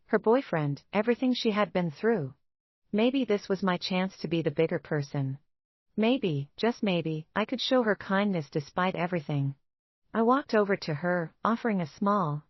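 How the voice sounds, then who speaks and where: A woman narrating a dramatic first-person story in a steady, scripted storytelling manner. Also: fairly low pitch, no room sound. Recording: dull, dry lo-fi recording.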